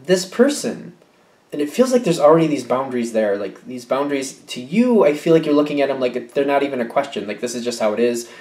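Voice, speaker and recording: A man reads tarot cards in a loose, musing way. He thinks out loud, backtracks and corrects himself. His middle-pitched voice echoes in a roomy space. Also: sing-song, a little fast. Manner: musing, hesitant, self-correcting, with light laughs. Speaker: tarot reader. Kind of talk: casual tarot reading. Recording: echoey room.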